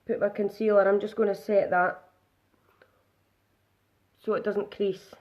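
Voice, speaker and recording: A woman's voice: medium pitch, little pitch movement, a little slow, dull audio. A woman chatting casually through a live makeup demonstration, narrating each step aloud.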